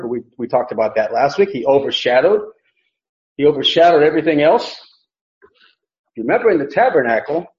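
A man's voice: a little high, a little mellow. A man teaching a verse-by-verse Bible lesson, emphatic, repeating key phrases and often restarting sentences. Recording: echoey room, dull lo-fi sound.

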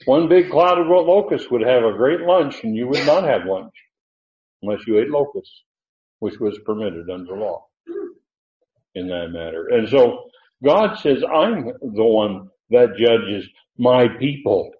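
A man's voice: mid-range voice, expressive, measured pace. A man teaching a Bible passage verse by verse in a conversational way, thinking aloud, with many fillers and restarts. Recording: echoey room, phone-like narrow sound.

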